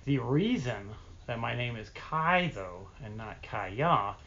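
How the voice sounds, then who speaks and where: A man's voice: medium pitch, big pitch swings, slow, creaky, a bit bright, highs cut off, slight background noise. A man chatting casually to camera as a vlogger, telling rambling stories about himself in a chatty way. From Appalachia, East Tennessee.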